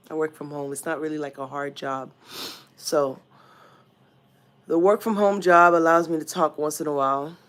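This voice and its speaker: A young woman from Nigeria with a Nigerian accent, chatting casually on a home livestream and greeting viewers by name. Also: sits low. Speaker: livestream host.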